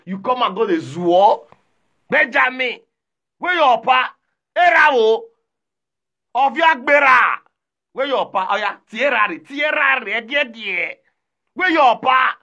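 A man with a Nigerian Pidgin accent hosting a livestream, taunting rivals loudly and greeting viewers by name. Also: on the high side, breathy edge. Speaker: livestream host. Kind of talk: livestream rant.

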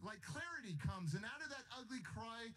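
A man's voice: very high-pitched, animated, normal speed, bright, forceful tone. A man giving a motivational speech, telling his story in a passionate, emphatic way. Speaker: motivational speaker.

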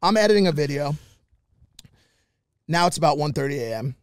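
Animated swearing male storyteller. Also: a little high, fairly quick, clean tone, no room sound, clean studio sound. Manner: animated, swears a lot, acts out quotes. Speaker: podcast host telling a story. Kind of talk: animated storytelling, casual chat.

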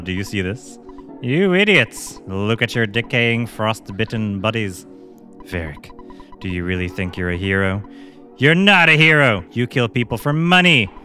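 A man's voice: on the low side, fairly bright tone. A man doing a whiny old monster scientist. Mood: ranting. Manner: whiny, pleading, self-pitying. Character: pitiful old male scientist turned monster.

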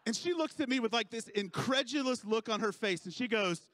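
Pastor, man, 30s, high voice, dry close sound, playful self-mocking storyteller. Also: lively intonation, a little fast, a bit bright, dry recording. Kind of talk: sermon.

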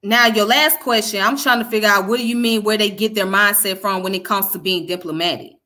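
A woman from the Southern United States, with a Southern US accent, answers viewer comments with frank, casual commentary, repeating her points for emphasis. Her mid-range voice is steady, a little fast, bright, and forceful.

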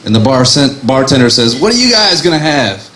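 A man's voice: medium pitch, very animated, brisk, bright, forceful tone, a little hiss or hum. A man doing an edgy stand-up comedy set, baiting the crowd on a club stage with a microphone. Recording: roomy live club recording.

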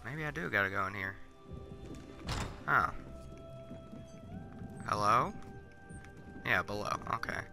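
A man's voice: on the low side, expressive, slow, creaky, pauses often, poor audio. A man giving casual let's-play commentary, confused and blunt, swearing freely. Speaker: gamer, let's-play host. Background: faint game music.

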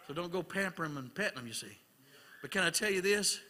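A man preaching a sermon as an evangelist in a church, building rhythmic repeated questions up toward shouts. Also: sits high, animated, fast. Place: church sanctuary. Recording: long church hall reverb.

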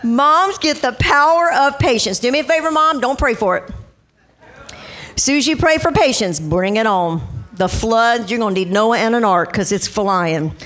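A woman's voice: fairly high pitch, normal speed. A middle-aged woman pastor preaching a sermon, telling family stories and acting out the voices in them. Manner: animated storytelling, acts out quotes. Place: church stage.

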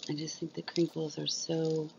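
A woman's voice: deep voice, monotone, moderate pace, vocal fry, muffled recording, slight background noise. A woman vlogger chatting casually and rambling. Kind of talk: casual chat about ASMR.

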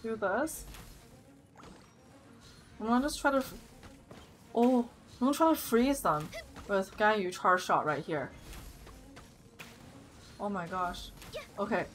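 A young woman streaming a game, thinking aloud and getting loud and excited when things go wrong. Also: medium pitch, takes it slowly, pauses often, soft background music. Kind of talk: live gameplay commentary.

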